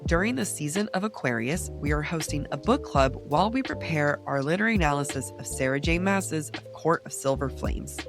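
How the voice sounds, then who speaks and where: A woman co-hosting a book podcast in casual chat, slightly raspy and stuffed up from a cold, playful and quick to laugh. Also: low-pitched, lively intonation, music in the background. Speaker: podcast co-host.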